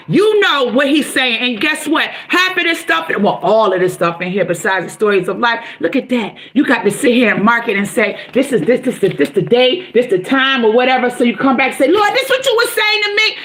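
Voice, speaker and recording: A middle-aged woman giving an animated, preachy motivational talk on a live stream, with folksy endearments and bursts of exclamation. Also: fairly high pitch. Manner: folksy, calls viewers baby girl and honey.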